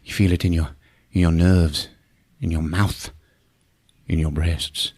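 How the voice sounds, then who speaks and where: A man playing a brooding, predatory young man in a low, hushed, menacing murmur. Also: steady tone, a little slow, dry recording, clean studio sound. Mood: leering.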